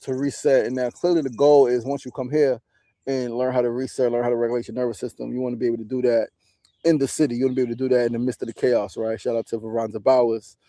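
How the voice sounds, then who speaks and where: A New City podcast host and meditation teacher in his forties talks in a casual, reflective way, candid and profane, often closing points with "right?". His medium-pitched voice is dark and quick with little pitch movement, and there's no echo.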